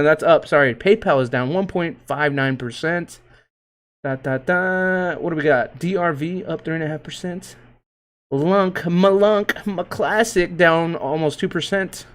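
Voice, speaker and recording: A man hosting a casual livestream, reading out market moves in a loose, joking, profane, slangy way with hype shouts. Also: on the high side. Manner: hype shouts and laughs while reading tickers. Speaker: crypto livestream host.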